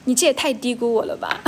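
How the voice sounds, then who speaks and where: A young woman from China, an English teacher, hosts a relaxed livestream at a friend's house and answers viewers' comments. Her voice is on the high side, with faint hiss behind it, as she switches languages between English and Mandarin and restates or corrects her words.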